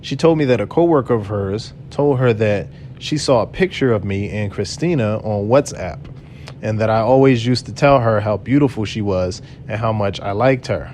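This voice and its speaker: A man's voice: on the low side, moderate pace, a little mellow, a little hiss or hum. Earnest man telling a personal story. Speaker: channel host telling his own story. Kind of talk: personal storytelling read aloud.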